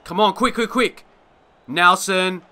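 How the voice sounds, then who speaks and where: Young guy ranting over a footy game, really bright sharp voice, a bit high. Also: slow pace. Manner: excitable, swings into frustrated shouting and rants. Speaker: gaming YouTuber. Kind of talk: live gameplay commentary.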